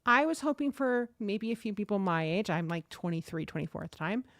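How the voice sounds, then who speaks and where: A woman's voice: mid-range voice, brisk, no room sound, clean studio sound. A woman in her thirties hosting a livestream, chatting and telling a story casually. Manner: chatty, animated, reads chat aloud. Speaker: livestream host.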